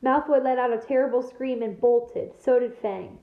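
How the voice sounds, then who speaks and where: A woman teacher reading a novel aloud to her class with steady, expressive storytelling. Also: a little high, moderate pace, echoey room, narrow, tinny audio.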